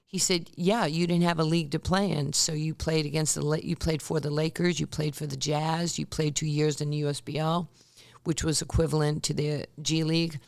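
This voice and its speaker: A woman in her sixties, once a basketball player, tells stories as a guest in a podcast interview, animatedly acting out the quotes. Her voice is low, creaky, and fairly quick.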